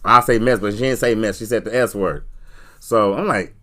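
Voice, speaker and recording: A man in his forties hosting a talk radio show, telling rambling, animated stories and laughing often. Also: mid-range voice, moderate pace. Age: 40s. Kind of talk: casual talk radio chat.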